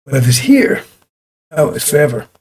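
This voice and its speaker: A man's voice: mid-range voice, big pitch swings, moderate pace, a little mellow, husky. A man preaching a broadcast sermon in a fiery, rambling way, often repeating and restarting his phrases.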